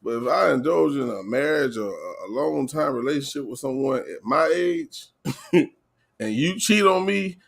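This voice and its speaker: A man's voice: mid-range voice, expressive, normal speed, vocal fry. A man in his forties talking bluntly and emphatically in a casual chat, swearing freely. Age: 40s.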